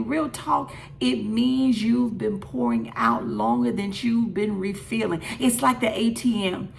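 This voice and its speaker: Earnest woman with a gravelly edge. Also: fairly high pitch, a little mellow. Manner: earnest, direct address with repeated phrases. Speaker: host of a faith encouragement show. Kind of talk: midday devotional encouragement.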